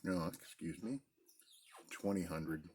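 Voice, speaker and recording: A middle-aged man chatting casually in a relaxed, rambling way from a basement den at home. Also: deep voice, takes it slowly, a little hiss or hum. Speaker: pipe-smoking video host. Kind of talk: casual pipe-smoking chat.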